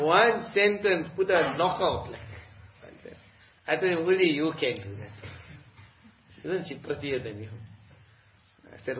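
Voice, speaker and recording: A man preaching a sermon in English, telling stories and reciting Arabic verses in an animated way, acting out what people say. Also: on the high side, slight background noise. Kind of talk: sermon with anecdotes. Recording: echoey lo-fi lecture recording.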